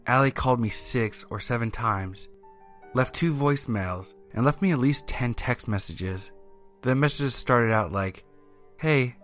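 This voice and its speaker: A man narrating a first-person horror story in a steady, even storytelling manner. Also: mid-range voice, a little slow. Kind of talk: scripted narration. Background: faint music.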